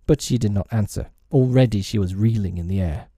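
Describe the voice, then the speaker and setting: Brief: male audiobook narrator, expressive, warm low timbre, dry close sound. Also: a little fast, few pauses, breathy edge, dry recording. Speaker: audiobook reader. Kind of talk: storybook narration.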